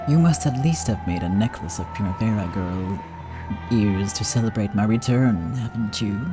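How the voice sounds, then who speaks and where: A man voicing a cocky male crime boss who speaks slowly and mockingly, in a game playthrough. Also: fairly low pitch, music in the background, close to an everyday voice. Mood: menacing.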